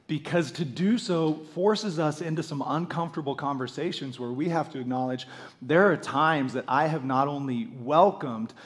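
Hoarse pastor preaching low and mellow. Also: male voice. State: hoarse, nearly losing his voice. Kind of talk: sermon.

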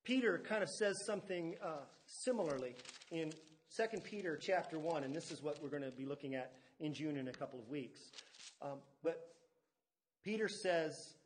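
Man, pastor, teaching sermon, high-pitched voice, roomy echo. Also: lively intonation, normal speed, a little hiss or hum. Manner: teaching with stress on key words and asides to the congregation. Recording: echoey room.

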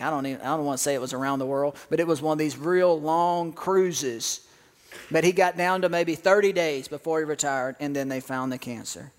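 A man preaching a sermon as pastor, telling joking stories with bursts of laughter. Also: on the high side.

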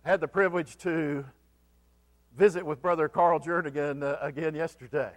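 A man's voice: fairly high pitch, fairly even intonation, normal speed. A man preaching a sermon as pastor, asking the congregation questions and repeating key phrases for emphasis. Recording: long hall reverb.

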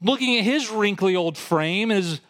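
A man's voice: lively intonation, moderate pace, fairly bright tone. A male pastor preaching a sermon, explaining scripture conversationally and rising in intensity for emphasis. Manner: rises in pitch and intensity when quoting and emphasizing.

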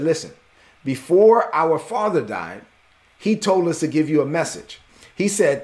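A man preaching a sermon as pastor, emphatic and repetitive as he reads and explains scripture. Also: on the high side.

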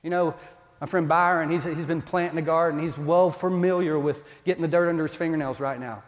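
A man's voice: a little high, fairly even intonation, brisk. A male pastor, preaching a sermon in a conversational, emphatic way. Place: church. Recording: long reverb in a church hall.

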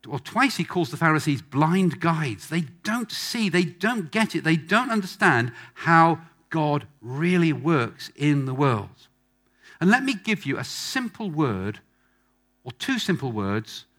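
A man's voice: a little high, fairly bright tone. A man preaching a sermon to a congregation in front of him, emphatic and fond of repeating phrases for effect. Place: church hall with a live congregation.

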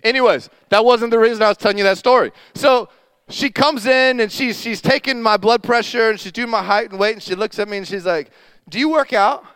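A man preaching a sermon as pastor, telling a story with acted-out dialogue and dropping to a quiet voice for emphasis. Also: sits high, no echo. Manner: animated storytelling, acting out dialogue.

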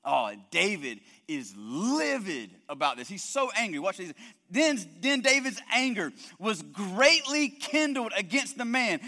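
A male pastor preaches an emphatic sermon, often repeating words as he builds his points, and a long hall reverb surrounds him. His voice sits high, very animated and a little slow, with a sharp tone.

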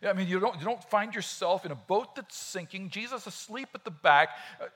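A man preaching a sermon in a conversational, animated way, often acting out quotes. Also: high-pitched, moderate pace. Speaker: pastor.

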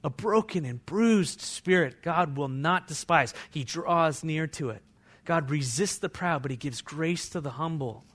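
Pastor guy preaching in church, high voice, gets quiet then really loud and fervent. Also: measured pace. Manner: swings from hushed to loud and fervent. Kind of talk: sermon.

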